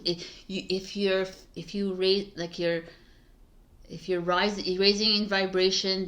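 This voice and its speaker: A woman's voice: mid-range voice, fairly bright tone. A woman tarot reader talking casually and candidly about spirituality, swearing freely and using lots of fillers.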